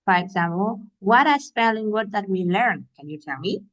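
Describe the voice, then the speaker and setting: A woman's voice: mid-range voice, lively intonation, normal speed, fairly bright tone. A woman English teacher walking young learners through a workbook, patiently naming each step and punctuation mark.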